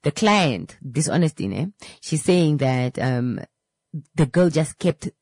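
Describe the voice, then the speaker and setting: A woman's voice: sits low, animated, takes it slowly, a little mellow, slightly rough, no room sound. A woman who owns a beauty salon, animatedly telling a story about a client, often repeating and restarting words. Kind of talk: casual storytelling to camera.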